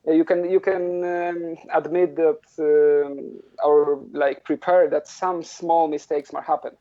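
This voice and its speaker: A man with a Polish accent, a drift driver guest on a podcast, speaking haltingly with frequent restarts. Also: a little high, little pitch movement, dark tone, dull audio. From Poland. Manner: halting, with many restarts and fillers. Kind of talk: casual podcast interview.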